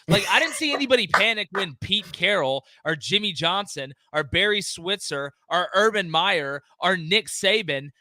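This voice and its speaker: A man holding forth on sports in a casual, animated way. His voice is bright and forceful, a touch higher than most men, recorded close and dry. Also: dry recording. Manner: animated, mocking quoted voices, laughing asides. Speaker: podcast co-host.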